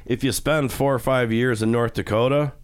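A man's voice: mid-range voice, fairly even intonation, moderate pace, clear, resonant tone. A middle-aged man hosting a radio show, chatting casually and joking in a rambling, self-mocking way. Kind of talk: casual studio banter. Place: radio studio.

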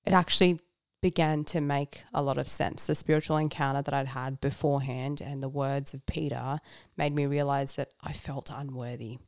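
A woman's voice: extremely low pitch, fairly even intonation, normal speed, hardly any pauses, a little mellow, no room sound. A woman speaking candidly and reflectively in a casual conversation about her faith, often laughing and using fillers. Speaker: guest.

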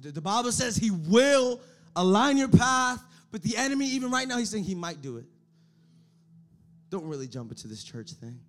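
A male pastor delivers a sermon in a notably high voice. He builds to shouted, emphatic runs and then drops to quiet, low-pitched passages. He stammers and repeats words as he restarts his sentences. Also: big pitch swings, moderate pace.

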